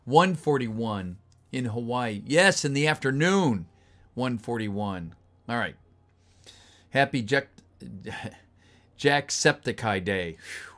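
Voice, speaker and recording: A man's voice: mid-range voice, expressive, slow pace, pauses often, a bit bright. Chatty man greeting his livestream chat. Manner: chatty, greets viewers, reads chat messages aloud. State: voice getting tired. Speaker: voice actor reading a script on a livestream. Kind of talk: casual livestream chat with viewers.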